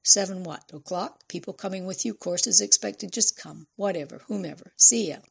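A man's voice: high voice, moderate pace, vocal fry, a bit bright, husky, heavily acted. Woman voicing a blunt, weary older man. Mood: offhand.

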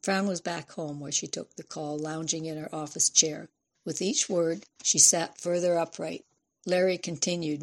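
Gravelly woman narrating an audiobook. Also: low voice, fairly even intonation, moderate pace.

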